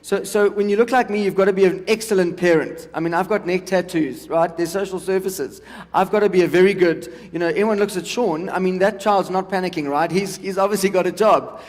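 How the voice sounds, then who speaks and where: A man's voice: sits high, steady tone, a little fast, long reverb tail. A man in his forties from South Africa doing stand-up comedy, chatting with the audience about parenting and pets. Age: 40s. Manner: chatty crowd work with the audience. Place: large event hall with a live audience.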